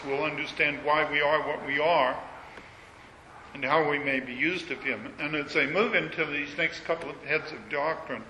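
A man preaching a sermon, reading scripture aloud and rising to emphatic, high-pitched peaks on key phrases. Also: sharp tone, a little hiss or hum. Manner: reads scripture in King James wording, builds to emphatic high peaks. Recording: echoey hall with long reverb, faint ambience.

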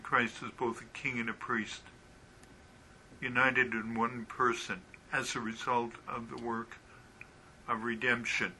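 A man teaching a Bible study verse by verse, reading passages aloud, often pausing with ums and asking rhetorical questions. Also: medium pitch, pushed and bright, slight background noise, rough recording. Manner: halting with frequent ums, asks rhetorical questions.

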